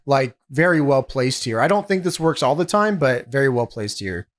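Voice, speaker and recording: A man's voice: mid-range voice, lively intonation, moderate pace. A man hosting a podcast, giving a casual, matter-of-fact play-by-play recap with a teasing edge. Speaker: podcast host recapping a match.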